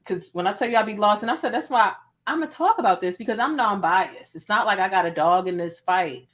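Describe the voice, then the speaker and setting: A woman's voice: medium pitch, lively intonation, brisk, a bit bright. A woman hosting a livestream, talking bluntly and feistily with plenty of cursing. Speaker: host. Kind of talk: casual livestream commentary.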